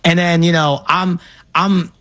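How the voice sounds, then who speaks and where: New york guy, thirties, excited storyteller, higher voice, dry close sound. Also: measured pace, no echo. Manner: animated, enthusiastic storytelling. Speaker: guest. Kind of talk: casual chat.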